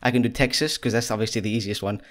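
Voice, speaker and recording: A man hosting a casual interview podcast, chatty and quick to laugh, talking from a room lit by big lights. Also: lowish voice, steady tone, fairly bright tone. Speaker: podcast host.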